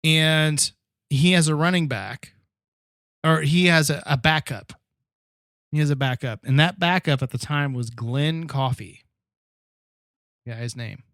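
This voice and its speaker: A man's voice: fairly high pitch, a little slow, long pauses, fairly bright tone, dry recording, studio quality. A man hosting a podcast, chatting casually as he recaps a TV episode and patiently explains details with many restarts. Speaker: podcast host.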